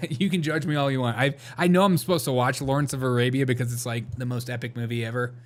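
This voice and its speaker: A man's voice: mid-range voice, fairly even intonation, quick pace. A man hosting a live show, chatting casually and rambling through jokes and chat replies, laughing often. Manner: reads chat and answers it.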